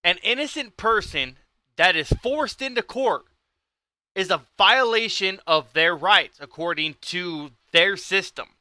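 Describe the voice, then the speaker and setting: A man talks on his livestream in a high, piercing voice, intense and heated. The sound is dry and close. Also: lively intonation, measured pace, sharp tone, no echo. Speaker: livestream host. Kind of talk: livestream talk.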